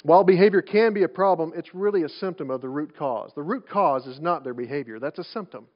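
High-voiced preacher, lo-fi. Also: male voice, animated, fast. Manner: conversational preaching with rhetorical questions and repeated restarts. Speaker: pastor. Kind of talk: sermon. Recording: dull lo-fi sound.

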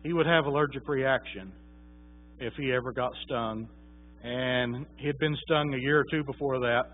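A man's voice: mid-range voice, fairly even intonation, moderate pace. A man preaching a sermon, telling a story in a folksy, conversational way with many fillers. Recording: tinny phone-like sound.

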